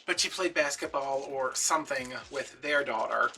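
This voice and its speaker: A young man who hosts a craft video and tells a rambling story in casual chat, putting on higher voices for the people he quotes. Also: moderate pace, creaky, sharp tone, recorded from a distance.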